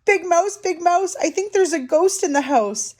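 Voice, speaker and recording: A woman voicing a small, frightened little boy mouse in a children's storybook reading, high and pleading. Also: normal speed, a little mellow. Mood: scared.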